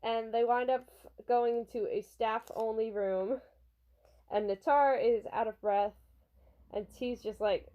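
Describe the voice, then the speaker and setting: A woman's voice: a little high, steady tone, slow pace, warm tone. A young woman casually reviewing a manga from her college dorm room, chatty and rambling. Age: young adult. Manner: chatty and rambling, with restarts and fillers.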